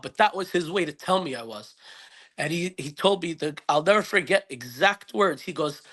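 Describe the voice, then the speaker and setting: A man's voice: on the high side, lively intonation, normal speed, fairly bright tone. A man speaking as a podcast guest, telling a personal story in an earnest, reflective way that rambles with many restarts. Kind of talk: casual interview storytelling.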